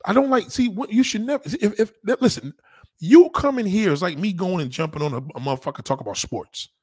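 This livestreamer's voice is slightly rough and a little fast, captured in studio quality with no room sound. Reading viewer comments, he launches into a heated, profane rant mocking one of them and repeats himself for emphasis. He's animated throughout, with his pitch spiking when he's indignant.

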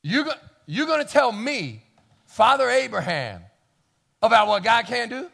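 An indignant, fervent old Father Abraham, played by a man, scoffing at the very idea of the impossible. He sits high and rings out in disbelief, with words tumbling over each other. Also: very animated, unhurried, vocal fry, a bit bright, long reverb tail, heavily acted. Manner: exclaiming, incredulous, repeating words.

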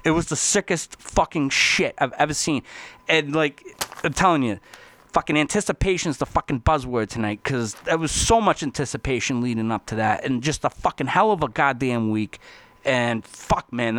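A man's voice: on the high side, moderate pace, no room sound. Profane rambling man, dry close sound. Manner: rambling, swears constantly, excitable. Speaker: podcast host. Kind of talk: casual profane monologue.

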